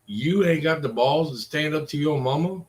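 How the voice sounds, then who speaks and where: On poor audio, a man in his forties with a fairly high pitch rants at normal speed. The vlogger's casual monologue rambles on, exasperated and full of swearing.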